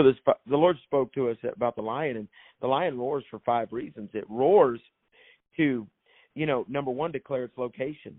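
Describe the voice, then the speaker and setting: A man's voice: mid-range voice, dry recording. Man, minister, emphatic preacherly delivery, repeats phrases, tinny phone-like sound, dry. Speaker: author and minister. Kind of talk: guest telling a faith story in a preaching tone.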